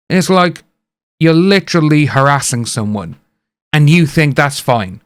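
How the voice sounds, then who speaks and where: A man's voice: a little high, moderate pace, clear, resonant tone, dry recording. A British man giving rambling casual commentary and acting out what others said. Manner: chatty, rambling, acts out quotes. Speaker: reaction video host.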